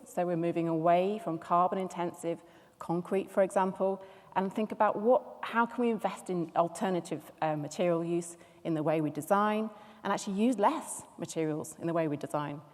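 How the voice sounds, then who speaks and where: A woman's voice: on the low side, brisk. A woman on a panel explaining a concept enthusiastically, building lists and repeating phrases for emphasis. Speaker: circular economy expert panelist. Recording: long hall reverb.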